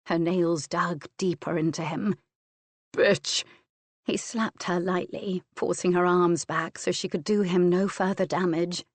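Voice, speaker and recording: Low, dry-voiced woman narrating an audiobook. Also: a little mellow, no echo. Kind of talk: scripted narration of a historical romance.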